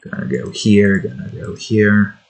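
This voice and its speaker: A man's voice: on the low side, animated, unhurried, vocal fry, a little mellow. A young man hosting his own art channel, rambling in an offhand, self-deprecating way as he chats and draws. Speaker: artist and channel host. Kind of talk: casual chat while drawing.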